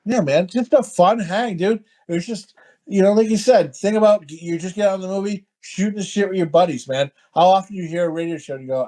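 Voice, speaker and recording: A man's voice: high voice, brisk, mellow. A man co-hosting a casual movie podcast, joking crudely and swearing freely. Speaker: podcast co-host.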